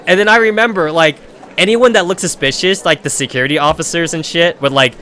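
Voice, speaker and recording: A man's voice: a little high, fairly quick, pushed and bright. A young adult man streaming a game and telling a rambling, profane story in a casual way.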